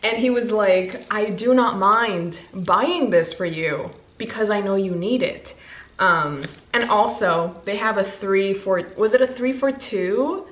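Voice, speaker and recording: A woman in her twenties chatting to camera as a book vlogger, bubbly and gushing, breaking into quick bursts of excitement. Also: mid-range voice. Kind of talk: casual chat to camera. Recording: echoey room.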